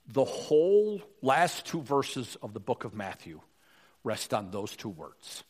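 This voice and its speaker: A male pastor preaching a sermon, swinging from emphatic rises to hushed drops. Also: fairly low pitch, big pitch swings, a little slow, husky. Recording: long reverb of a large hall.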